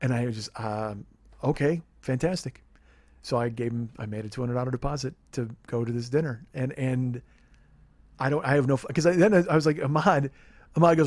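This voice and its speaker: Male podcast host, rapid-fire profane comic storyteller, dry close mic. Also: mid-range voice, no room sound. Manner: profane, rambling, animated storyteller. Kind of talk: casual comedic storytelling.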